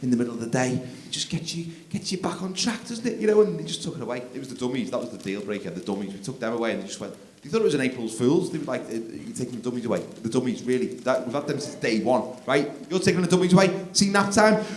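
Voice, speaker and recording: A man doing live stand-up comedy on a theatre stage, swinging from mumbled asides to shouted outbursts. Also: medium pitch, expressive, fast, hardly any pauses, a little hiss or hum. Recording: roomy live theatre recording with crowd. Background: laughing audience.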